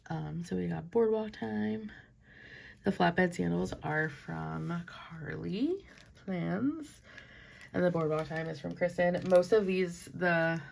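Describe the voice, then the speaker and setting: A woman's voice: lowish voice, vocal fry, a little hiss or hum. A young woman, chatting casually about her week as a planner vlogger and filling her talk with "like". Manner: chatty, frequent "like" fillers. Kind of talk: casual chat.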